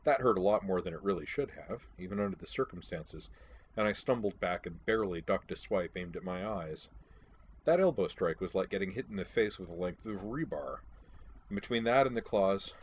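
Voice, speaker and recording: A man's voice: sits low, husky. A man reading a first-person audiobook, telling the story in a wry, dry-humored way.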